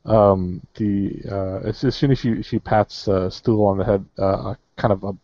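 Low-voiced man running a tabletop game. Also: steady tone, moderate pace, warm tone, no room sound. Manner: hesitant, filler-heavy. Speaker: game master. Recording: muffled dry online voice chat.

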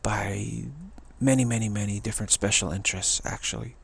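This sixty-something man's voice is gravelly, husky and fairly low, with a steady tone and a fairly quick pace. He teaches in a rambling spiritual talk, frequently halting to repeat words or begin sentences again.

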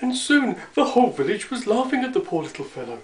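A man reading a children's story aloud in an expressive, animated way. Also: sits high, quick pace, echoey room, poor audio.

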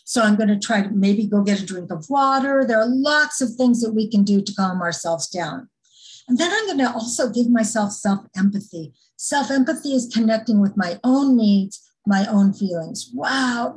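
A woman, a former teacher, leading a parent workshop and explaining calmly and earnestly, with frequent ums. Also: on the high side, moderate pace, low-quality recording. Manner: calm, earnest, explains step by step with many fillers.

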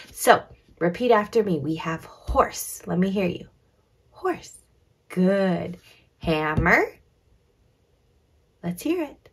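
A woman teaching young children, slow and clear, encouraging them and drawing out words as she sounds them. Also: mid-range voice, big pitch swings. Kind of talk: children's lesson.

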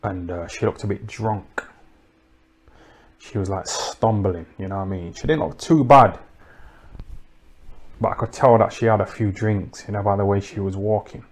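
A low-voiced man rambles through a comic monologue. He is deadpan and crude, and he keeps tossing tag questions at his listeners. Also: moderate pace, pauses often. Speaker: comedic livestream host.

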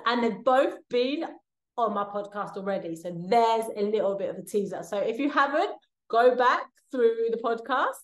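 A woman's voice: on the high side, lively intonation, moderate pace, echoey room. A woman hosting her own podcast, talking casually at home in a rambling way with many fillers. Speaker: podcast host. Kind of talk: casual solo vlog chat. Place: home, with a cat nearby.

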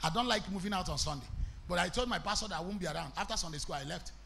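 Forceful high-voiced Nigerian preacher. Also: male voice, racing, vocal fry, a little hiss or hum. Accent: Nigerian English. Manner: impassioned preaching, bursts into shouts, mixes in Pidgin. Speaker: evangelist. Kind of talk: sermon.

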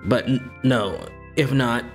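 A man's voice: mid-range voice, takes it slowly, faint music behind, close to an everyday voice. A man reading the lines of a nervous, nerdy young man in a game, hesitant and anxious.

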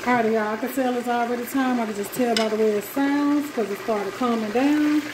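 A woman's voice: a little high, steady tone, a little fast, background noise. A woman chatting casually and folksily to her viewers while she cooks at home. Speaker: cooking vlogger. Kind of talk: casual chat while cooking. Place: home kitchen. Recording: echoey kitchen with loud frying sizzle. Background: frying sizzle.

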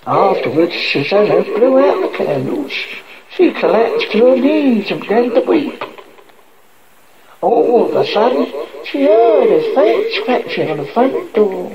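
A man's voice: sits high, very animated, a little slow. A man narrating a horror story in a dramatic, theatrical way. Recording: dull lo-fi with crowd noise.

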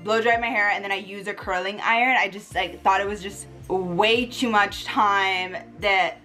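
Young woman vlogger, excitable and gushing, bright voice, mid pitch. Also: normal speed, faint music behind. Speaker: beauty vlogger. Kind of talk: casual vlog chat.

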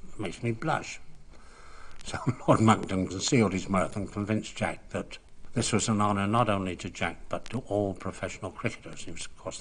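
A man in his sixties, a cricket broadcaster, telling anecdotes in an unhurried, gently amused way and relishing quoting other people. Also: deep voice, gravelly, slight background noise. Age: 60s. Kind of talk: anecdotal storytelling.

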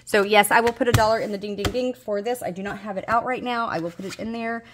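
A woman's voice: mid-range voice, fairly even intonation, fast talker, noisy background. A woman, a budgeting vlogger chatting casually to viewers, coaxing and scolding her dice, a little unwell and tired. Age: 30s. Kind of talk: casual chat to viewers while rolling dice.

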